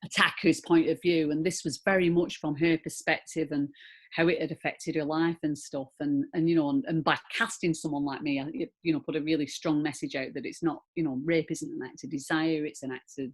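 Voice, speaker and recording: A middle-aged actress in a conversational interview, telling animated anecdotes with frequent laughter. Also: female voice, low-pitched, brisk, breathy edge.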